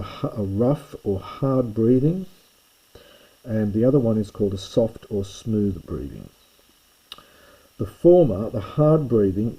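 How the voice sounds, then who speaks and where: A man teaching Greek pronunciation in a recorded lesson. His voice is very dark and a little husky. He explains loosely, stops to correct himself and restarts his sentences. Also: fairly low pitch, low-quality recording.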